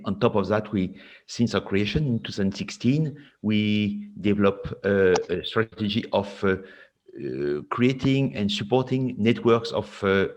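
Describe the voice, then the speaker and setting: A man's voice: lowish voice, expressive, a little slow, a little mellow. A man with a French accent introducing his organization in an online panel, hesitant and full of fillers. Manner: hesitant, apologetic, many fillers. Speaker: head of a civil society group. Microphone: video call. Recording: lo-fi video call audio.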